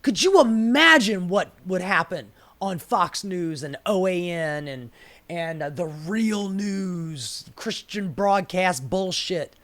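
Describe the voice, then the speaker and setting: A political commentator who rants in an unhurried drawl, sarcastic and heavy on profanity. The voice sits in a middling register, and the commentator keeps firing off exasperated rhetorical questions. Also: mid-range voice, expressive, a bit bright.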